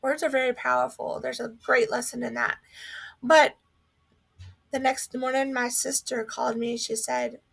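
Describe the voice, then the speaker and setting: A woman's voice: high voice, steady tone, moderate pace, creaky, fairly bright tone, husky. A young woman from North Carolina sharing a personal faith testimony, telling her story earnestly and acting out what she thought.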